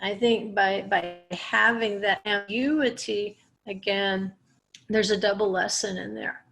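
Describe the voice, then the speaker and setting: A woman's voice: mid-range voice, steady tone, unhurried, gravelly, a bit bright, a little hiss or hum. A woman teaching a Torah portion lesson, explaining Hebrew words step by step with small restarts. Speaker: Bible teacher.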